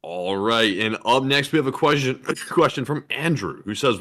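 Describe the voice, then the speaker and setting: Relaxed male co-host reading questions. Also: mid-range voice, moderate pace. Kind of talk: casual live-stream chat.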